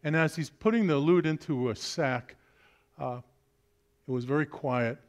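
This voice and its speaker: A man preaching as a guest speaker. His voice sits on the higher side for a man. He is chatty and jokes with the congregation. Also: a little slow. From Brooklyn, New York. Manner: chatty, joking, addresses the audience directly. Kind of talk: sermon.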